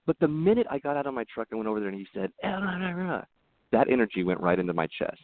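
This man's fairly low voice has a sing-song lilt, and he races along as a guest on a podcast. Earnest and rambling, he keeps restarting while telling personal stories, heard through a dry, tinny, phone-like line.

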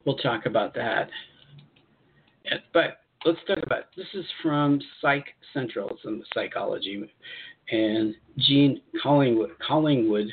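A man hosting a spiritual advice show, speaking in an encouraging, repetitive way and pausing to comment as he reads articles aloud. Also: mid-range voice, breathy edge. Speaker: host channeling spirit guides. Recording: tinny phone-like audio.

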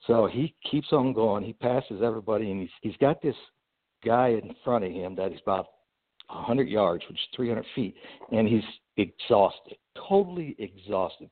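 A man, a guest on a podcast interview, telling a long personal story in an animated way, with fillers and restarts. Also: lowish voice. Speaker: guest entrepreneur. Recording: tinny phone-like line.

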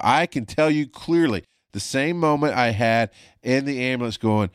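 A man's voice: medium pitch, normal speed, smooth, dry recording, studio quality. A man hosting his own show, a former paramedic telling stories in a blunt, profane, rambling way. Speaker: podcast host, former paramedic. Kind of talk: casual storytelling monologue.

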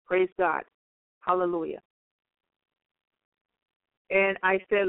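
A woman giving an earnest preaching testimony, halting and repeating her words often. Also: lowish voice, dry recording. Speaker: guest speaker. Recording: tinny phone-like line.

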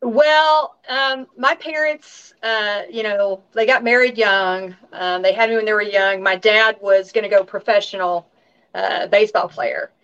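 A woman's voice: mid-range voice, steady tone, measured pace, fairly bright tone, clear, resonant tone, lo-fi sound. A woman from Tennessee with a Southern accent, chatting as an interview guest, bubbly and chatty with lots of fillers and laughter. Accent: Southern American. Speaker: guest, actress and singer. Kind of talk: casual interview chat.

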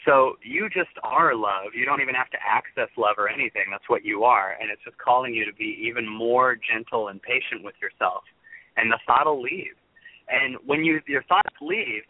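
A man's voice: mid-range voice, no room sound. A man guest on a phone-in radio interview, talking earnestly and at length about meditation and love. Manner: earnest, rambling spiritual talk. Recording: tinny phone line.

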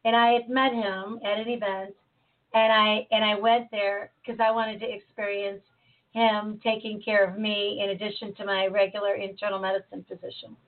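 A woman from Chicago talking in an animated, casual way and quick to jump in. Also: mid-range voice. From Chicago, USA. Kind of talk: casual conversation. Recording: tinny phone-like line.

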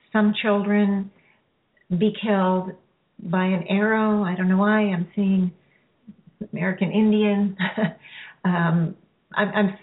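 A woman hosting a radio-style healing show, guiding listeners through a release in a slow, soothing, halting way. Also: medium pitch. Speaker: spiritual healer hosting a show. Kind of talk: guided healing session. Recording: phone-like narrow sound.

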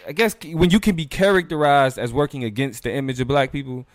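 Guy cohosting a chat show, smooth clear voice, dry close sound, lots of uhs and ums. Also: medium pitch, quick pace, dry recording. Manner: loose and animated, frequent fillers, laughs while talking. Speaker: podcast co-host. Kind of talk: casual live-show discussion.

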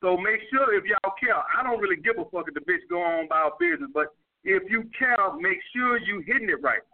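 A brisk, high-voiced man with lively intonation and a New York accent gives dating advice to viewers who send in questions. He's blunt and profane, speaking casual street slang, and the audio comes across tinny and phone-like.

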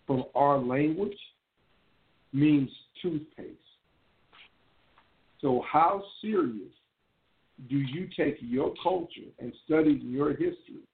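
Mid-range with vocal fry, this male radio show host chats casually, telling slangy stories and repeating words. It comes through an echoey, tinny, phone-like line from a distant mic.

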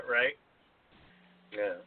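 A man's voice: medium pitch, lively intonation, drawn-out words, slightly rough, no echo. Man on a tinny phone-like line. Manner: laughs often, hesitant restarts. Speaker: podcast co-host. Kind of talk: casual chat. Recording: tinny phone-like dry sound.

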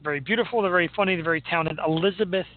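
A man's voice: high voice, very fast. A man hosting a podcast in casual chat, joking and laughing often. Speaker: podcast host. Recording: tinny phone-like sound.

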